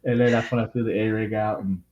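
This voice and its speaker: Man, casual rambling storyteller, lowish voice; echoey lo-fi room sound. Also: fairly even intonation, fast talker, a little mellow, slight background noise. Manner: rambling, lots of "like". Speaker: tournament angler interviewee.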